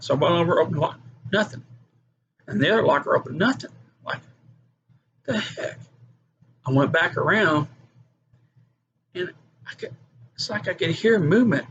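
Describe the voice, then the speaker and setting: Testimony speaker: earnest man, somewhat high and gravelly, muffled recording with noise behind him. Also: animated, moderate pace, long pauses, a bit bright. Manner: earnest storytelling with acted quotes. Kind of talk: personal testimony.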